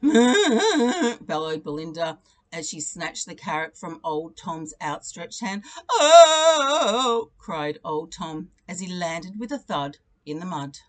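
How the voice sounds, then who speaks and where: A teacher reading a children's picture book aloud, telling the story expressively and leaning into its repeated refrains. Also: female voice, sits low, steady tone, unhurried.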